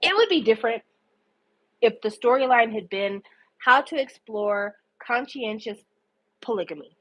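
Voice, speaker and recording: A woman's voice: fairly high pitch, a little slow, low-quality recording. Indignant, swearing woman retelling a show. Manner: animated, indignant, swears freely, acts out quotes. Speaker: podcast host recapping a show. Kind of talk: casual profane storytelling recap.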